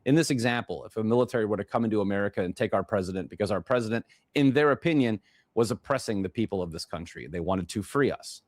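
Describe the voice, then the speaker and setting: A man's voice: fairly low pitch, fast talker, a little mellow, no room sound. A man with a Chicago accent hosting a talk show, rambling and restarting his phrases as he introduces a guest. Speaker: podcast host. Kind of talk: casual monologue introducing a guest.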